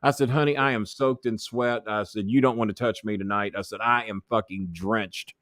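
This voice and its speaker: A man's voice: on the low side, steady tone, normal speed, a bit bright, no echo, studio quality. A man, a former wrestling manager, tells backstage stories as an interview guest, swearing freely and acting out the voices of people he quotes. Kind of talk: profane anecdotal storytelling.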